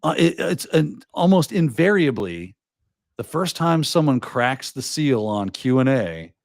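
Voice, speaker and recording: Lively man hosting a casual chat. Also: medium pitch, a little slow, gravelly, no room sound, clean studio sound. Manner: animated, acts out little scenes in quoted voices. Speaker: podcast host.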